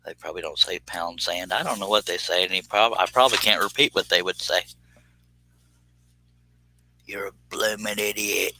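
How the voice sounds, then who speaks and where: A man's voice: sits low, pushed and bright, dry recording, rough recording. A man hosting a livestream, chatting casually with viewers as he works, folksy and joking. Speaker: livestream host answering chat. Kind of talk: casual livestream chat while working.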